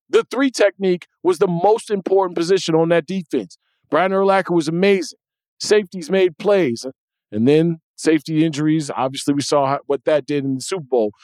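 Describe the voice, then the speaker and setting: A man hosting a sports podcast, talking in a casual, animated way with emphatic restarts. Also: sits high, no echo. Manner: animated, emphatic, repeats words when he restarts. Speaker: podcast host.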